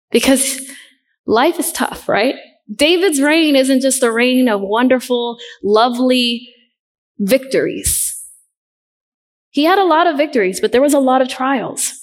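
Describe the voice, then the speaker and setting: A middle-aged woman preaching a sermon in an earnest way, asking the listeners questions and repeating her key points. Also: sits high.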